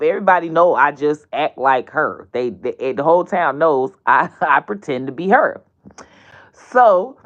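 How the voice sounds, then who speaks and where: A woman host telling a storytime on her show, animated and profane, swinging from loud outbursts to near-whispers. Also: deep voice, lo-fi sound. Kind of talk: casual storytime vlog.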